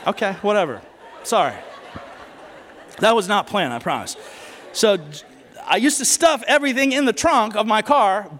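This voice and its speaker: Animated male preacher, high voice, joking storyteller, echoey church hall, faint music. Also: normal speed. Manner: animated, joking, asks the crowd questions. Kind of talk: sermon with humorous stories.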